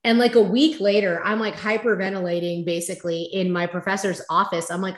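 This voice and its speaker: Female interview guest, animated storyteller, roomy reverb. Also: medium pitch, brisk, hardly any pauses. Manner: animated, acts out past conversations.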